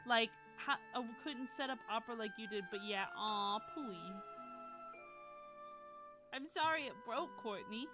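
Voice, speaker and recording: A woman's voice: fairly high pitch, normal speed. A young woman live-streaming, chatting casually and scatterbrained with her viewers, laughing often. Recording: music playing behind.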